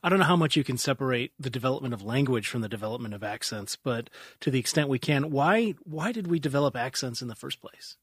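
Man, radio host, quick talker, slightly husky, dry close mic. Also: mid-range voice, animated, fairly bright tone, dry recording. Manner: brisk, direct questioning. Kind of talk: radio interview hosting.

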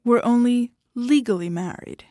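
A woman's voice: fairly high pitch, normal speed, warm tone, no room sound, studio quality, close to an everyday voice. A woman reading the lines of a firm, blunt estranged wife who is running out of patience.

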